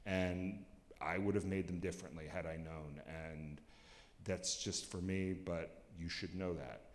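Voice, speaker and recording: A man's voice: deep voice, steady tone, measured pace, voice pushed down. A man quoting his frail, tearful old father. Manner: soft, quiet, choked up. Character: frail dying older father, tearful and soft. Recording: echoey hall with long reverb.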